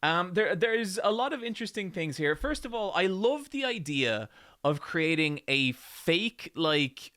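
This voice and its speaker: Animated Irish man riffing, dry sound. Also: high-pitched, measured pace, no echo. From Ireland. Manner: animated, swearing, riffing with restarts. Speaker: video essay host. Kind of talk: casual commentary.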